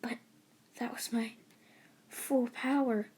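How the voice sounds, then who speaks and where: A woman's voice: on the high side, steady tone, slow pace, a little mellow, husky, in a whisper. A woman voicing a cocky, hot-tempered teenage boy rival who throws brash insults. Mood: stunned.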